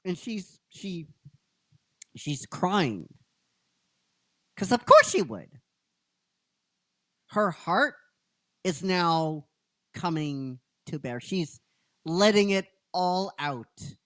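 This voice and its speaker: A man's voice: high-pitched, big pitch swings, drawn-out words, pauses often, sharp tone, dry recording. A man hosting a casual podcast chat, recapping a story he wrote in a rambling way, full of fillers and "right?". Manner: rambling, filler-heavy, keeps asking "right?". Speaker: podcast host and episode writer.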